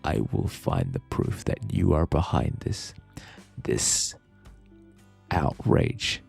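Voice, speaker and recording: A man's voice: a bass voice, big pitch swings, slow pace, creaky, a little mellow, soft background music, heavily acted. A man voicing a vindictive, menacing school principal in a scary little whispered growl, a whispered role-play.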